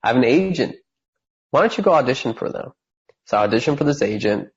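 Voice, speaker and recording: A husky-voiced man in his thirties tells his story on a podcast. He talks with lots of energy and acts out the voices of the people in it. The recording sounds slightly dull. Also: medium pitch, fast. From California. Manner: animated storyteller who acts out quoted voices. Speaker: guest.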